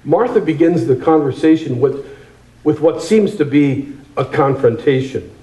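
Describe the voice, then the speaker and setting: Echoey-voiced preacher man, mellow tone. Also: a little high, lively intonation. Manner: emphatic, repeats phrases for effect, slows on key words. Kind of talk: sermon.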